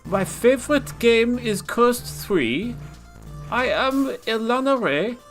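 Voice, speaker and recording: A man putting on a chatty woman viewer with a folksy German accent, slow and sing-song. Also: extremely high pitch, animated, soft background music, pitched above the performer's own voice, full character voice. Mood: playful. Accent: German, put on.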